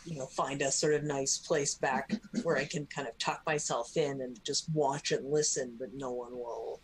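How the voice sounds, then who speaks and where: Low-voiced woman player, hesitant. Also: steady tone, normal speed, slight background noise, poor audio. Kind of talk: tabletop game play.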